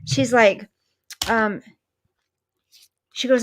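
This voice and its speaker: A woman's voice: medium pitch, slow, pauses often. A woman hosting a casual livestream, chatting with viewers, thanking them and eating as she talks. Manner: chatty, thanks viewers warmly, eats while talking. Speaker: livestream host.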